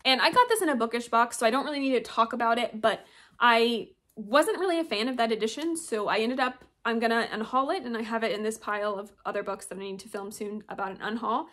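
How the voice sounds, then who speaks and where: A young booktuber with a quick, slightly bright, higher-pitched voice gushes over her new books in a casual book haul vlog. She's chatty and reads the blurbs aloud as she shows each one off.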